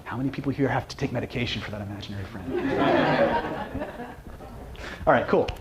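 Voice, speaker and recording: A man's voice: medium pitch, moderate pace, crowd noise, background noise. A man giving a live seminar talk, joking with and quizzing the audience. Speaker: seminar presenter, hypnosis trainer.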